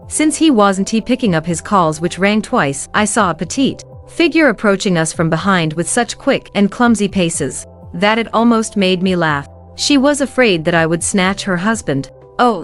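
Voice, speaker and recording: A young woman narrating a first-person werewolf romance story in a cold, cutting manner, with faint music behind. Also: lowish voice.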